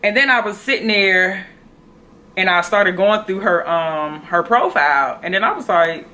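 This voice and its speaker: Lady in her 30s talking to her phone cam, chatty, says y'all a lot, bright tone. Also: medium pitch, moderate pace, a little hiss or hum. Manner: chatty, animated, addresses viewers as y'all. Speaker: vlogger. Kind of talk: casual storytelling to camera. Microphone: phone camera.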